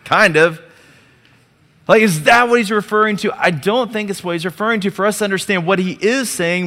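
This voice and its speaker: A man's voice: high-pitched, fairly bright tone, in a large hall. A man preaching a sermon as pastor, talking conversationally with rhetorical questions and calls for the congregation to answer. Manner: conversational, rhetorical questions, audience call-and-response.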